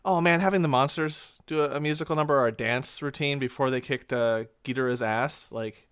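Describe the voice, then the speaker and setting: A man's voice: medium pitch, a little fast, a bit bright, smooth, no room sound. A man co-hosting a casual movie podcast, rambling and hesitant as he thinks aloud. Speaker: podcast co-host.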